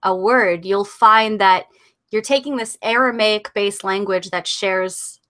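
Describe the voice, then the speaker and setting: A woman's voice: medium pitch, slow, a bit bright. A woman guest in a casual conversation, explaining things at length with enthusiasm.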